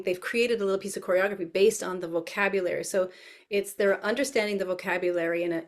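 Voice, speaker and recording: A middle-aged woman dance educator explaining her teaching with enthusiasm in an interview. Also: fairly low pitch. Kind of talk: interview answers.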